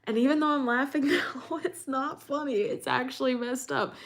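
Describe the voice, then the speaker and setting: A woman's voice: high-pitched, moderate pace. A young woman from New York chatting casually on a live stream, reading out chat and laughing often.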